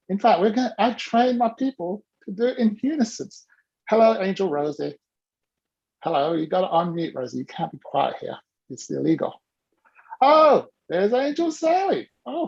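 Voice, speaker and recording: A woman hosting a casual video-call workshop, talking in a playful, teasing, animated way. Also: mid-range voice, normal speed, gravelly, husky, muffled recording. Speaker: host and coach.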